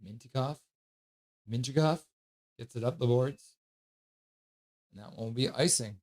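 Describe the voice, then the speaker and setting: A man calling live hockey play-by-play from his stream in a casual way, with quick calls and offhand jokes. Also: mid-range voice, a little mellow.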